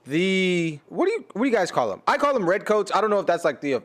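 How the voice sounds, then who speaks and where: An American man with a slightly raised pitch rambles through casual reaction commentary. He jokes, trails off and restarts often, leaning on fillers as he thinks aloud. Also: sing-song, fast talker. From United States. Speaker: reaction YouTuber and rapper.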